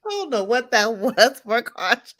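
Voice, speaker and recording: A woman hosting a casual live stream, teasing and laughing in an unhurried way. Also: a little high, sing-song, fairly bright tone, a little hiss or hum.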